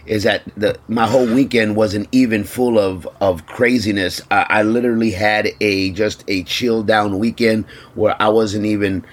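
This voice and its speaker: A male podcast host talks casually with a scratchy, slightly rough throat. He rambles, stumbling over and repeating words as he goes. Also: lowish voice, steady tone, normal speed, few pauses. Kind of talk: casual chat.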